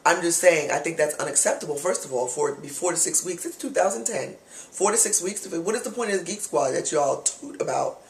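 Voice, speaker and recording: A man telling a customer-service complaint story to camera as a vlogger, animated, exasperated and blunt with casual profanity. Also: on the high side, fast talker, hardly any pauses, echoey room.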